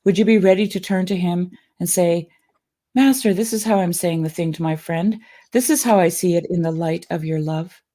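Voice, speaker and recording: A woman with a low, mellow voice reads an old sermon aloud with earnest feeling. Her delivery is heartfelt and measured. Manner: earnest, emotional reading. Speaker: guest reading sermons aloud. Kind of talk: reading a sermon aloud, then casual chat.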